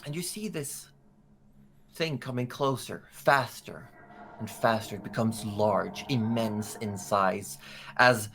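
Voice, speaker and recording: A man's voice: lowish voice, slow, gravelly, a bit bright. A man narrating as game master of a tabletop game in loose, conversational description.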